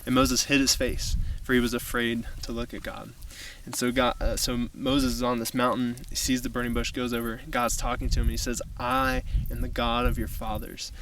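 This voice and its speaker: A man preaching a relaxed outdoor sermon in a flat, even voice that stays level. He sits a little back from the camera mic, with faint noise around him. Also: medium pitch, normal speed, few pauses, distant mic, rough recording. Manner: casual, conversational preaching with fillers. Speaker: youth pastor. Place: outdoors on a mountaintop.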